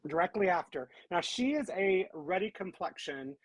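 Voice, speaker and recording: A woman with a husky, slightly breathy voice hosts a casual live stream. She is upbeat and talkative and keeps calling her viewers "guys". The sound is dry and close, as on a video call. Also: fairly low pitch, expressive, moderate pace, dry recording. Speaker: host.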